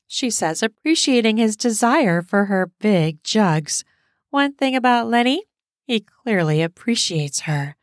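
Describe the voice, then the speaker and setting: A woman narrating an erotic audio story in a steady, explicit storytelling manner. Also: medium pitch, measured pace, dry recording, studio quality.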